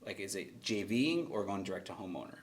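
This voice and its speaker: A man hosting a real estate investor meetup, coaching a newcomer in fast, blunt talk with plenty of restarts, his voice picked up from off the mic. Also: deep voice, lively intonation, far from the mic. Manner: fast, blunt, repeats himself, jokes with the group. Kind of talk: live coaching Q&A in a meeting room.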